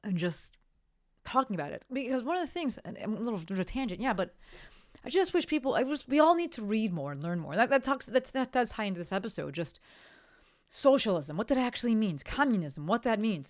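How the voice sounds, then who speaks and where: A woman's voice: mid-range voice, big pitch swings, brisk. A woman hosting a solo podcast, talking bluntly with lots of swearing and rambling tangents, often tagging sentences with "right?". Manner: blunt, profane, rambling with frequent "right?" tags. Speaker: podcast host. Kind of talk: casual solo podcast monologue.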